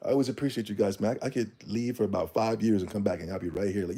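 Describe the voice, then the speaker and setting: A man's voice: fairly low pitch, fairly even intonation, racing, dark tone, slightly rough. A man hosting a casual livestream, ranting bluntly in slangy talk and reading the chat. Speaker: streamer.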